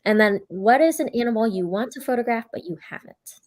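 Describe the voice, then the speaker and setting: A woman's voice: a little high, expressive, brisk. A woman hosting a casual interview, answering her guest with affirming remarks and asking questions. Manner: warm, affirming, with filler words. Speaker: interview host.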